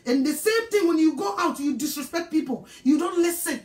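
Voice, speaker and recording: Ghanaian woman evangelist, high voice, scolding sermon, echoey room. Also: lively intonation, fairly quick, a little mellow. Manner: scolding, emphatic preaching.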